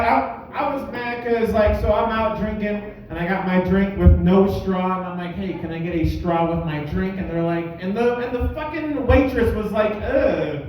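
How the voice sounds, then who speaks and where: A stand-up comedian from Albuquerque doing a profane, mock-angry rant at a bar comedy night. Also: male voice, high-pitched, a little hiss or hum. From Albuquerque, USA. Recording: echoey, dull, distant room recording.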